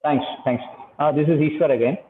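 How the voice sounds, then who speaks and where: A man, a workshop participant, asking politely worded, halting questions. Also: a little high, slight background noise. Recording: tinny, echoey call line.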